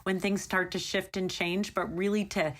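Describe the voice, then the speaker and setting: A woman's voice: mid-range voice, little pitch movement, moderate pace, fairly bright tone. A woman hosting a podcast interview, listening closely with murmured agreement and reflecting on the story. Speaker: podcast host. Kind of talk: interview conversation.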